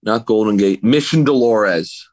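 A man, a guest on a podcast, telling a story in a casual, animated way and acting out what other people said. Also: lowish voice, unhurried, dry recording, low-quality recording. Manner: animated anecdote teller, acts out other people's lines. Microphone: remote call.

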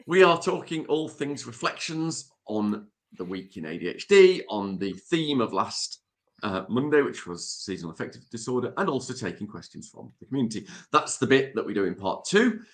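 A man's voice: mid-range voice, big pitch swings, normal speed. A man hosting a casual podcast, playful and self-mocking as he reads listener letters aloud. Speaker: podcast host.

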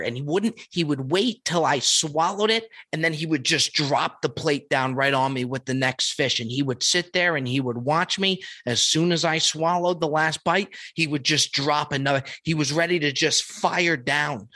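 An excitable male podcast host tells a story in a loose, casual monologue. His voice is bright and forceful and sits a little high for a man. He swears freely and circles back over the same points. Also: moderate pace, hardly any pauses. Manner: excitable, profane and repetitive.

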